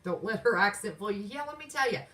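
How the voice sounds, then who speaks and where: A woman's voice: mid-range voice, expressive, fast talker, a bit bright, far from the mic, poor audio. A woman with a Southern accent from West Virginia, hosting a livestream from her home, talking in a sassy, defiant, folksy way while reading chat. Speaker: channel host. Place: home, indoors.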